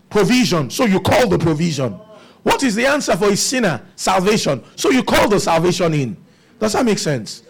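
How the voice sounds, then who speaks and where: A man's voice: high voice, creaky. A man preaching a sermon, asking the congregation rhetorical questions.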